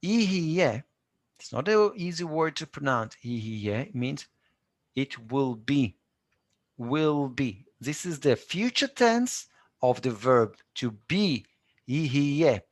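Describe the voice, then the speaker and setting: A man's voice: medium pitch, lively intonation, a little slow, dry recording, clean studio sound. A man with an Israeli accent, a native Hebrew speaker, teaching a live online Hebrew lesson and patiently repeating words for learners.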